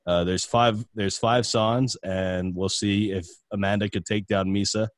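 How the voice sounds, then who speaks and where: A man's voice: on the low side, steady tone, a little slow, no echo. Man, podcast host, casual and joking, dry close sound. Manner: joking, reads lyrics in put-on accents. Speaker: podcast host running a music quiz. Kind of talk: casual chat.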